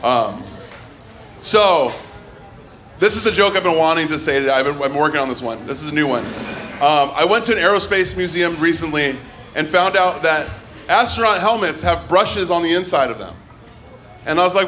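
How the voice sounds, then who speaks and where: High-voiced man hosting stand-up. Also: lively intonation, normal speed, sharp tone. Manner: loose, joking, does silly voices for bits. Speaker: comedy show host. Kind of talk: stand-up comedy. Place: comedy club stage.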